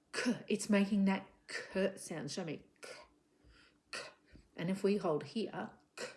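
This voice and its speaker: A woman teaching young children about words and sounds with a puppet, gentle and encouraging, sounding out letters and sometimes whispering softly. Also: on the high side. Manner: gentle, encouraging, slow and drawn out. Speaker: children's literacy presenter. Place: home living room.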